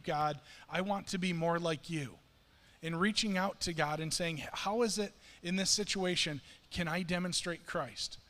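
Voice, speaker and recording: Middle-aged guy preaching in church, casual and earnest, kinda high voice, big echoey hall. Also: fairly bright tone. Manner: conversational, earnest, self-deprecating. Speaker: pastor. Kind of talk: sermon. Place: church sanctuary. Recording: long hall reverb.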